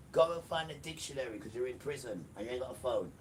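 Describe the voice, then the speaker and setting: A man's voice: mid-range voice, lively intonation, fast, few pauses, slight background noise. A man preaching an emphatic livestream sermon, repeating phrases and speaking straight to the listener. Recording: distant mic with loud music behind.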